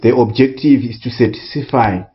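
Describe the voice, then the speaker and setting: A man tutoring economics in a recorded lesson, speaking deliberately and repeating key words for emphasis. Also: mid-range voice, muffled recording, a little hiss or hum. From Southern Africa.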